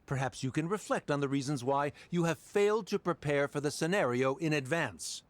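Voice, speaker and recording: A man's voice: on the high side, animated, brisk, dry recording, natural voice. An actor playing a cold, condescending male official who speaks in a haughty, officious way.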